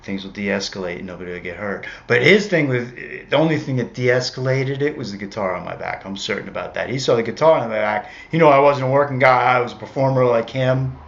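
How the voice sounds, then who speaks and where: A street musician recounts a personal story in a gravelly, expressive, medium-pitched voice, talking briskly with hardly any pauses. He's casual and rambling, correcting himself along the way, and the recording sounds dull and lo-fi.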